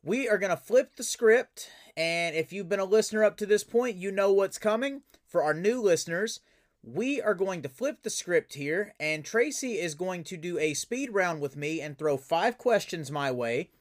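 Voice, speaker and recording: Brief: male podcast host and voice actor, eager, animated, slightly raised pitch. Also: moderate pace. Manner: enthusiastic, animated storyteller. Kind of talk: casual interview chat.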